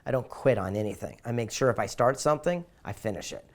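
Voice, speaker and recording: A middle-aged American man talks at an ordinary pitch, telling stories as an interview guest. He is upbeat and lively, and he slips into little voices for the people in his anecdotes. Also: fast talker. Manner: enthusiastic, acts out voices in anecdotes. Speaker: interview guest, author and speaker. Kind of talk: animated storytelling in an interview.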